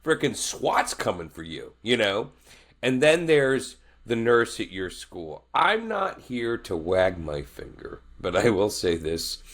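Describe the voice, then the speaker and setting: Deep-voiced, wry podcast co-host. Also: male voice, sing-song, slow pace, fairly bright tone. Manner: wry, joking asides. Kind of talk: casual chat.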